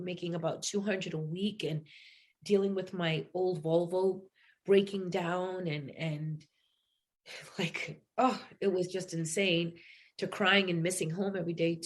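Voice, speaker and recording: A middle-aged woman from New England, a singer telling stories in a casual interview. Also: fairly low pitch. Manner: animated storyteller, acts out quotes. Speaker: singer and guest.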